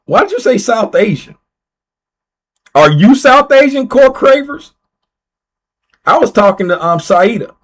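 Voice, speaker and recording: A man's voice: extremely high pitch, big pitch swings, measured pace, long pauses. A man hosting a casual livestream giveaway, playfully reading viewer names aloud and repeating himself as he types them in. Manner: playful, teasing. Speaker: livestream host running a giveaway.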